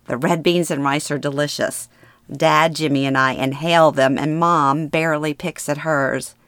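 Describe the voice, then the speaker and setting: A middle-aged woman reads her own memoir in a steady, plain storytelling manner. Her voice sits low, and the recording is close and dry with no room in it. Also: normal speed, clean tone, no room sound. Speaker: memoir narrator. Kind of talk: first-person memoir reading.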